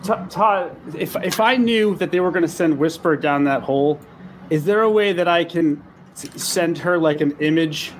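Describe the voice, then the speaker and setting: A man's voice: fairly high pitch, normal speed, a little hiss or hum. A man playing a tabletop game, speaking earnestly and urgently in character, often laughing. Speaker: player. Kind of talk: in-character tabletop role-play.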